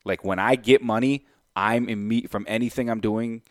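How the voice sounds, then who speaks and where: At a moderate pace, a real estate investor with a lowish voice tells a story to camera, recorded in an echo-free studio. His retelling is casual and animated as he performs both sides of a deal and thinks aloud while working out the figures.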